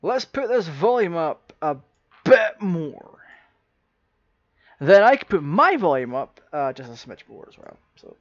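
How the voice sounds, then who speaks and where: A man giving casual, jokey commentary over his own gameplay, chatting to viewers and reacting excitably. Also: on the high side, a little slow, dull audio. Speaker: gaming YouTuber.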